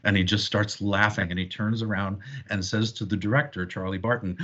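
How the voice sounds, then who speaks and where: Man, low voice, film historian guest, animated storyteller, dull lo-fi audio. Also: brisk. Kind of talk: casual podcast discussion.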